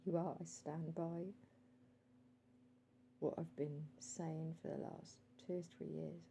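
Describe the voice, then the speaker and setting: A woman vlogger speaking earnestly straight to one listener, calling him sir, pausing often with ums and reading out her timer as she goes. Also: low-pitched, flat delivery, vocal fry, dark tone, a little hiss or hum, poor audio. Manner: calls out timer readings while talking. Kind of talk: direct-to-camera monologue.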